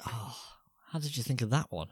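A man's voice: mid-range voice, animated, fairly quick, slightly rough, no echo, clean studio sound. A man co-hosting a casual film review podcast, bantering crudely with rambling asides. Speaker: podcast co-host.

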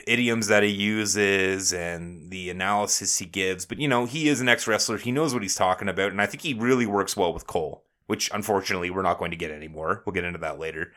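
A man's voice: fairly low pitch, pushed and bright. A young man co-hosting a wrestling podcast, chatting casually, joking and swearing freely. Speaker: podcast co-host.

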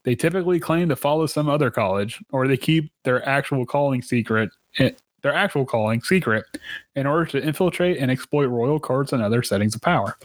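A man's voice: medium pitch, lively intonation, fairly quick, no room sound. A man on a casual podcast, his voice rising and falling animatedly as he chats, laughs and swears. The sound is dry and close, with no room around it. He often breaks off mid-sentence to read rules aloud. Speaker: podcast co-host. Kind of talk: casual chat.

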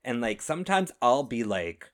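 A man co-hosting a podcast, chatting casually about a film and getting excited as he tells stories. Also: medium pitch, moderate pace. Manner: excitable, animated storytelling with self-interruptions. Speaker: podcast co-host.

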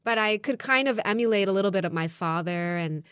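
A woman's voice: mid-range voice, expressive, brisk, a bit bright, clean tone, dry recording, clean studio sound. A woman co-hosting a podcast, talking candidly and reflectively in a casual chat, often breaking into laughter. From grew up outside Australia. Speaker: podcast co-host.

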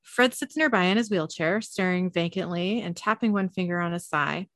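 A woman podcast host narrating a TV episode scene by scene, reading in a relaxed way with filler ums and uhs. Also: lowish voice, normal speed, no echo, clean studio sound. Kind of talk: reading a scene-by-scene recap with chat.

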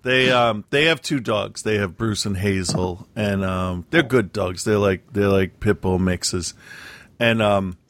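A podcast co-host with a fairly low, slightly bright voice speaks at a measured pace in a casual chat. He tells stories in a rambling, hesitant way, filling them with lots of fillers.

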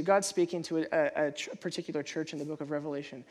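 Pastor delivering a lively sermon, mid-pitched voice, leaps upward when voicing doubts, stumbles and repeats words. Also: fast talker, hardly any pauses. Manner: animated, jumps high to act out inner voices; repeats and restarts words while preaching.

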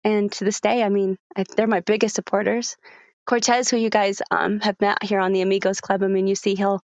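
A woman's voice: medium pitch, flat delivery, brisk, no echo, lo-fi sound. A woman in her forties, a parenting coach telling her story in an interview, earnest, with many fillers and restarts.

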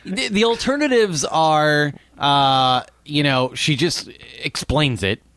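A man's voice: fairly high pitch, slow pace, fairly bright tone, dry recording. A man co-hosting a casual movie podcast, cracking dry, wry quips. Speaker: podcast co-host. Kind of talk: casual movie-discussion chat.

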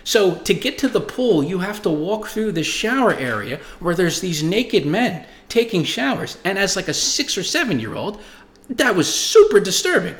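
A man's voice: high voice, sing-song, normal speed, a bit bright, echoey room. A man in his forties hosting a show, telling stories and reading viewer comments in a rambling, profane, emphatic way. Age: 40s. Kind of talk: casual monologue.

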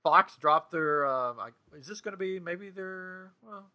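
A man's voice: sits high, unhurried. A man in his thirties hosting a casual podcast, telling stories with lots of laughter. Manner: animated, laughing storyteller. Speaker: podcast host.

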